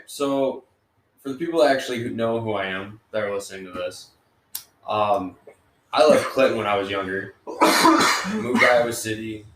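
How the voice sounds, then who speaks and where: A man, co-hosting a podcast and telling a story in a laid-back, unhurried way. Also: fairly low pitch, a bit bright, distant mic, slight background noise. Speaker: podcast co-host. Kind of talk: casual chat. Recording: echoey room, a bit away from the mic.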